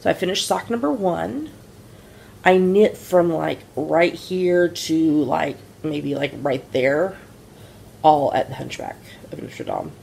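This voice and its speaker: Low gravelly woman chatting. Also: slow pace, darkish tone, a little hiss or hum. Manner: chatty, rambling storyteller with many fillers. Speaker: podcast co-host, mother. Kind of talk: casual chat about knitting.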